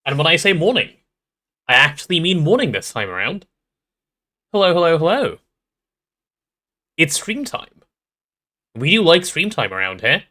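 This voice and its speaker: A man's voice: a little high, big pitch swings, normal speed, pauses often, pushed and bright. A man streaming a game live, chatting casually and playfully with his viewers, greeting them and repeating words as he reacts.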